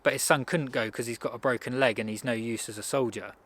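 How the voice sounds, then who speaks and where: A man at an average pitch giving a casual motivational talk. He speaks conversationally and rambles, breaking off and restarting sentences as he goes. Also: fairly even intonation, quick pace, fairly bright tone. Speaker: self-improvement speaker.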